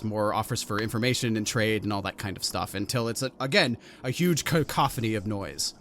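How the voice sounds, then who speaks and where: A man's voice: mid-range voice, big pitch swings, normal speed, fairly bright tone, faint music behind. A man narrating as game master of a tabletop role-playing game, describing scenes with animation.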